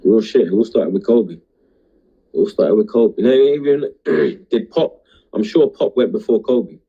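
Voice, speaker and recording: A man's voice: on the low side, measured pace, breathy edge, highs cut off. A young man, drunk and talking in a rambling, emotional way on a casual livestream. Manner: rambling, emotional, heavy street slang. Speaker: livestream host.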